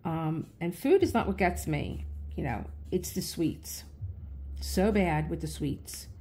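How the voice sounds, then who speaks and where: A middle-aged woman with a deep, dark, slightly rough voice talks slowly but with lively intonation. She hosts her own channel as an artist, rambling casually and telling stories while she works on a craft project.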